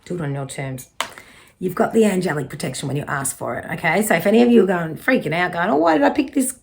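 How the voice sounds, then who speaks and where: A woman's voice: lowish voice, fast talker, slight background noise. A middle-aged woman with an Australian accent, giving a casual, reassuring psychic card reading and swearing now and then.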